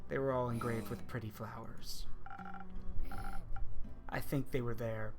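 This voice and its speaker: A man streaming a cozy visual novel, reading the characters' lines aloud in a subdued, quiet way. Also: mid-range voice, level tone, unhurried, vocal fry, music in the background. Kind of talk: reading game dialogue aloud.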